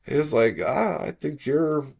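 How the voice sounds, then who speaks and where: Middle-aged man from South Florida, podcast guest, relaxed storyteller who gets animated when quoting others. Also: a little high, measured pace, vocal fry, breathy edge. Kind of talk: casual storytelling.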